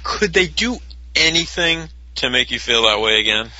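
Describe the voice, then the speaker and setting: A man co-hosting a casual sports podcast, dry in manner, asking quick questions and making predictions. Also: mid-range voice, lively intonation, bright, forceful tone, no echo, dull audio. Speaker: podcast co-host.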